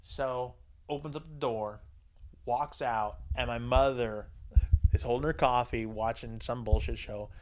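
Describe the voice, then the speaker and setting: A man's voice: fairly even intonation, measured pace, a little mellow, poor audio. Crude, swearing man telling a story. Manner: crude, swears freely, mimics others in higher voices. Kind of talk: casual profane anecdote.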